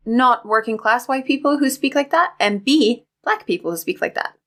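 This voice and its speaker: A woman co-hosting a podcast, talking in a chatty, animated way with many fillers. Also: on the high side, moderate pace. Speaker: podcast co-host. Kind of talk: casual chat.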